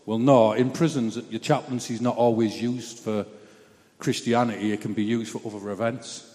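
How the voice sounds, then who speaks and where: A man's voice: mid-range voice, steady tone, normal speed, a little mellow, in a large hall. A man giving a personal testimony in a chatty, blunt, self-mocking storytelling way.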